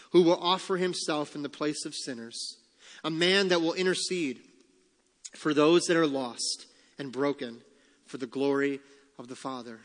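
A man with a fairly high voice preaches to his congregation, reading scripture and voicing the quoted lines with animated emphasis. His voice rings with the long reverb of a church hall. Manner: expressive preaching, reads scripture aloud and acts out quotes. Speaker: pastor. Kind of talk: sermon.

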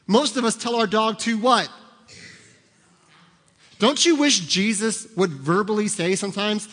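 A man preaching a sermon as a pastor, animated and acting out little scenes, sometimes shouting for emphasis. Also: high voice, brisk. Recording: long hall reverb.

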